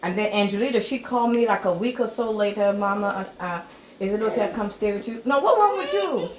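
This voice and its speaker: An older woman in her kitchen telling family stories in a casual chat, animated and acting out what people said. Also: medium pitch, fast talker, reverberant, background noise. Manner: animated, acts out quoted dialogue in raised voice. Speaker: step-mother giving life advice. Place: home kitchen.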